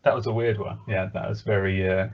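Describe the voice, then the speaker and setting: A man co-hosting a cartoon podcast in casual, jokey chat, slipping into quick silly voices. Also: fairly low pitch, level tone. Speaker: podcast co-host. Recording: dull lo-fi podcast audio.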